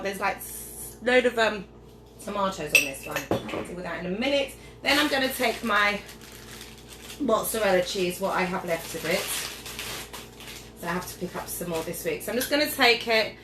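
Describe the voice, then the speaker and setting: A woman's voice: mid-range voice, sharp tone, a little hiss or hum. Tipsy, chatty woman cooking in an echoey kitchen. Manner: chatty, rambling, loses her train of thought. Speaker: home cooking vlogger. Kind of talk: casual cooking demonstration. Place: home kitchen, indoors. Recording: echoey kitchen with clattering dishes.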